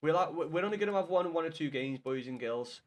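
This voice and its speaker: A man's voice: on the high side, expressive, brisk. A man with a Scouse accent, chatting casually to his chat while he streams a game, swearing freely. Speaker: gaming streamer.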